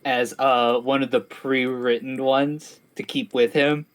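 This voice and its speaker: A man's voice: mid-range voice, level tone, measured pace, clear, resonant tone. Hesitant male tabletop player. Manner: hesitant, with many fillers. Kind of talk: casual tabletop play.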